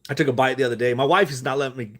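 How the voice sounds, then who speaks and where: A man's voice: mid-range voice, steady tone, very fast, fairly bright tone. Man, live stream vlogger, rambling, profane, laughs often, casual stock talk. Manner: loose, profane, laughing asides.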